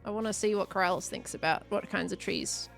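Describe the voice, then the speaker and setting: A woman's voice: medium pitch, steady tone, fairly quick, creaky, faint music behind. A woman chatting casually with her live chat while she plays, thinking aloud as she goes. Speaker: streamer.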